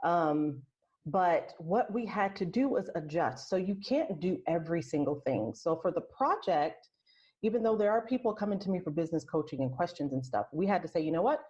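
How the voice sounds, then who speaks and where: Woman guest on a podcast, low voice, soft and thoughtful, kinda muffled lo-fi audio. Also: lively intonation, moderate pace. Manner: soft, reflective, with frequent restarts. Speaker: podcast guest, aromatherapist and health coach. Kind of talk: casual interview chat. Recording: lo-fi muffled sound.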